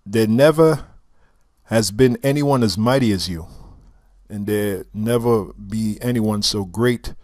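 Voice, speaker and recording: A man voicing a fawning group of royal courtiers who gush with flattery. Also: on the low side, slow pace, no echo, clean studio sound. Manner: gushing, flattering.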